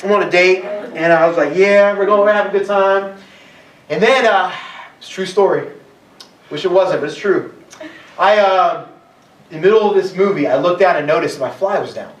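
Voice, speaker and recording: A man's voice: high-pitched, moderate pace, a little hiss or hum. A man in his thirties preaching a sermon to young adults, telling self-mocking jokes and stories. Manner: joking storyteller, self-mocking. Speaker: pastor. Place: church hall. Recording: echoey church hall from far off.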